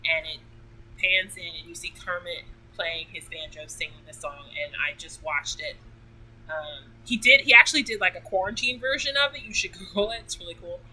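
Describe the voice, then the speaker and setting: A woman's voice: lowish voice, brisk, sharp tone, slight background noise, rough recording. A woman hosting a casual talk, enthusiastic and emotional, rambling with many fillers. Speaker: podcast host.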